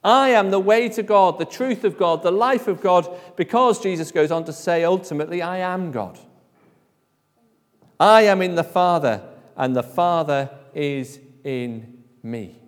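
High-voiced preacher in a reverberant hall. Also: male voice, a little slow. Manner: emphatic, drops to a hush at phrase ends. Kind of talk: sermon.

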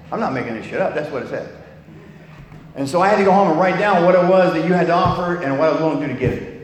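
A man's voice: a little high, slight background noise. Older male speaker, rambling salty testimony, echoing hall with long reverb. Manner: rambling, salty, with many restarts. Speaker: recovery meeting speaker. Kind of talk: personal testimony talk.

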